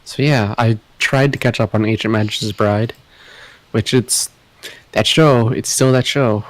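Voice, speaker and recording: A man's voice: lowish voice, steady tone, measured pace. A man co-hosting a podcast in casual chat, laughing often with short agreements. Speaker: podcast co-host.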